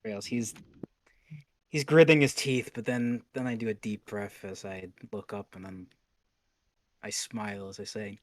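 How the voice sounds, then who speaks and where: A man plays a tabletop role-playing game, describing his character's moves deliberately and with theatrical flair. His voice sits low. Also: fairly even intonation, dry recording. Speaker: player. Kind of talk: casual tabletop role-play.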